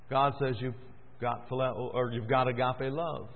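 A man preaching a sermon in a church, moving between loud, fervent emphasis and quiet, hushed stretches. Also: medium pitch, flat delivery, a little slow. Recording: tinny echoey church recording.

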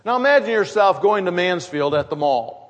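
A man's voice: high-pitched, animated, normal speed. A man preaching a sermon as pastor, talking in a conversational way and wandering into humorous asides. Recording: long hall reverb.

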